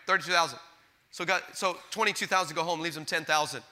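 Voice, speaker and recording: High, sharp-voiced impassioned preacher man. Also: fairly even intonation, fast. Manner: impassioned preaching that swings between loud and hushed; storytelling with acted-out quotes and stammered restarts. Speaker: pastor. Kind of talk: sermon.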